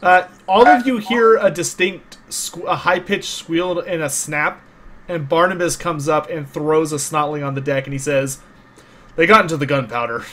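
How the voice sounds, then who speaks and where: A man's voice: a little high, moderate pace, fairly bright tone. A man playing a tabletop game, describing his character's actions in the third person. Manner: descriptive, starts lines with uh. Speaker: player.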